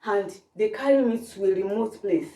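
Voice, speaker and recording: A woman's voice: medium pitch, normal speed. A middle-aged woman from Nigeria with a Nigerian English accent, a native Yoruba speaker, telling family stories animatedly and acting out the voices. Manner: animated storytelling, acts out voices, laughs while telling. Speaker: storyteller guest, the host's mother. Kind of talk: candid family conversation. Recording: roomy, distant mic.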